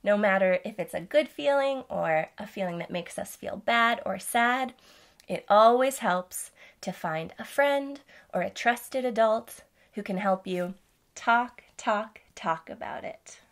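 A woman hosting a children's music lesson, speaking to toddlers in a gentle, playful way. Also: medium pitch, unhurried. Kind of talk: teaching toddlers with songs.

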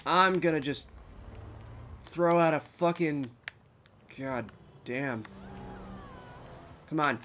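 Young man, gamer, slow, slightly high voice, frustrated and swearing. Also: a bit bright, a little hiss or hum. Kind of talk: let's play commentary.

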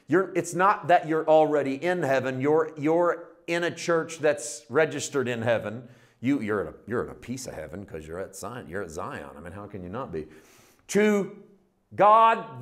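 Leading a Bible study sermon, a man talks in an easygoing, folksy way, asking rhetorical questions. His delivery alternates between loud emphatic outbursts and soft, low asides.

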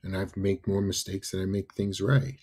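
A man in his fifties from New York, a podcast guest telling animated stories and often adding "right?" and "you know". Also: sits low, moderate pace. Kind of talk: casual storytelling interview.

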